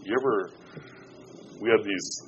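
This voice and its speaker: A man with a fairly low voice preaches a sermon, talking with his congregation like in conversation. He swings from hushed, slow lines to loud ones, and it comes through a dull, lo-fi recording with a faint hiss behind it. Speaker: pastor.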